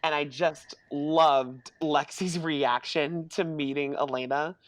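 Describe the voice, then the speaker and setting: A man's voice: a little high, steady tone, takes it slowly, a bit bright, dry recording. A man co-hosting a podcast, chatting casually and rambling, with many "like" fillers. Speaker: podcast co-host. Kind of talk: casual chat recapping a TV episode.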